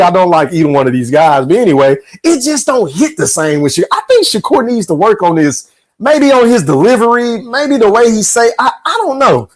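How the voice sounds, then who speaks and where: A man hosting a podcast, giving casual, opinionated and profane commentary as he reacts to clips and talks straight to his viewers. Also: high-pitched. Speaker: podcast host.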